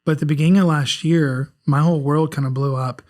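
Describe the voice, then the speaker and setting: A man's voice: fairly high pitch, steady tone, quick pace, a little mellow. Candid man from South Carolina, faint twang. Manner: rambling, frequent restarts, candid and self-reflective. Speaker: guest author. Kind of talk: casual podcast conversation.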